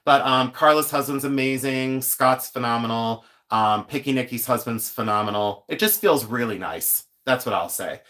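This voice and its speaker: A man's voice: mid-range voice, normal speed, hardly any pauses, a bit bright. A man in his fifties hosting a live stream, telling stories in a chatty, joking way. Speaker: host. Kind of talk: casual live-stream chat.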